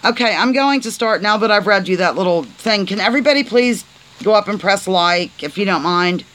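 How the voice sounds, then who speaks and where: A chatty woman hosting a casual live stream, with a playful, rambling way of talking and a bright, sharp tone. She reads aloud in fits and starts and cheerfully trips over words as she goes. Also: mid-range voice, a little fast, rough recording. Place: on a porch, outdoors.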